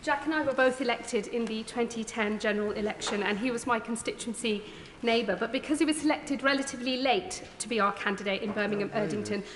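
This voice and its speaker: A woman's voice: a little high, fast talker, hardly any pauses. A woman, a member of parliament, telling an amused anecdote as part of a tribute speech. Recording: echoey chamber with long reverb and murmuring crowd.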